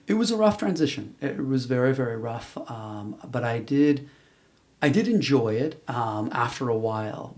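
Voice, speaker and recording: A man's voice: mid-range voice, vocal fry. A middle-aged man, an interview guest, telling a personal story in a candid, rambling way with many restarts and fillers. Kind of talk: casual conversational storytelling.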